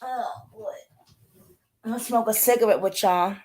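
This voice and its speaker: A woman's voice: a little high, moderate pace, darkish tone, a little hiss or hum. A woman hosting a casual livestream from home, talking in a chatty, heartfelt way to her subscribers and calling them y'all.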